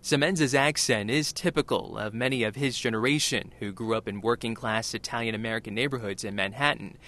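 A male reporter narrating a radio news feature in a measured, explanatory way. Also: medium pitch, pushed and bright.

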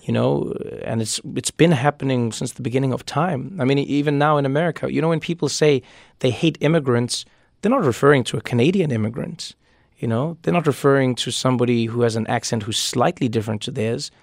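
A man, a comedian and author telling lively stories in a radio interview, often repeating words as he starts a thought. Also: mid-range voice, gravelly, no echo, clean studio sound. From South Africa. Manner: animated storyteller, quick asides, repeats words when starting thoughts.

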